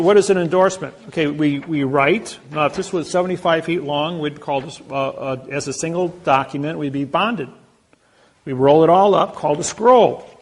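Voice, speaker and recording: A man giving an informal seminar lecture, telling rambling anecdotes and acting out the dialogue himself. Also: on the high side. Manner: storytelling, acting out courtroom dialogue; rambling, self-correcting.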